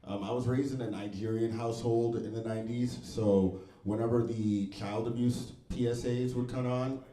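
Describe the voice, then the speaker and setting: Guy doing standup, super proper enunciation, deadpan, echoey club. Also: mid-range voice, normal speed. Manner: deadpan, very proper diction, wry. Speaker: stand-up comedian. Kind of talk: stand-up set. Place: comedy club stage.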